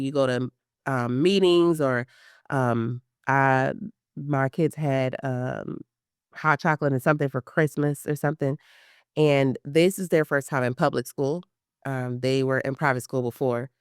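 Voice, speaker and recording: A woman's voice: extremely low pitch, measured pace, smooth, no room sound, studio quality. A woman in her thirties, a guest in an interview, telling a personal story with lots of fillers and acted-out quotes. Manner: animated storytelling, acts out quotes, many fillers. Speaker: guest, pre-surgery patient.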